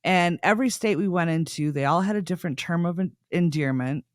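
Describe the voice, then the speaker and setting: A woman's voice: on the low side, a little fast, dry recording, studio quality. A woman from Minnesota with a Minnesota accent, co-hosting a podcast in casual, rambling chat. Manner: rambling, self-interrupting storytelling with frequent laughs. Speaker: podcast co-host.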